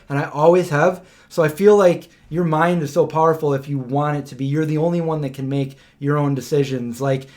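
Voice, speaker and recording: A man hosting a livestream, telling stories in a casual, rambling way, full of fillers and animated retellings. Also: fairly high pitch. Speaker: host of a livestream. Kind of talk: casual storytelling chat.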